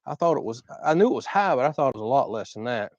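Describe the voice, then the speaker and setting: A man with a deep Southern Florida drawl, casually reading and answering viewers' questions on a livestream. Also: quick pace, no room sound, dull audio. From Southern United States. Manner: relaxed, reads viewer questions aloud and chats. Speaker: co-host of a channel livestream.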